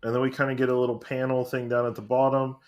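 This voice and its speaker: A man co-hosting a podcast, talking in a relaxed, thoughtful way about a comic. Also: mid-range voice, fast. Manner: relaxed, thoughtful, laughs easily. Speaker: podcast co-host. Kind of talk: casual chat about a comic.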